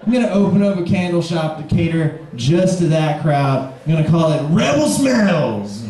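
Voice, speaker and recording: A man in his twenties from Kentucky doing a live stand-up set with dry, deadpan one-liners and sarcastic pauses. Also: fairly high pitch. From Kentucky, USA. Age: 20s. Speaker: stand-up comedian. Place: bar pavilion on stage. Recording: very echoey live room.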